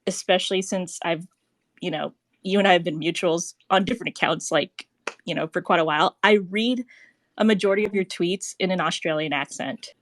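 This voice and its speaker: A woman's voice: on the low side, fairly quick, dry recording. A young woman hosting a casual live audio chat show. She giggles a lot and swears freely. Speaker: podcast host.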